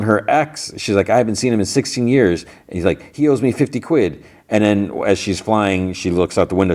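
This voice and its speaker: A man's voice: low voice, darkish tone. A man hosting a podcast, casually recapping a TV episode in a rambling way with many fillers and restarts. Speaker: podcast host.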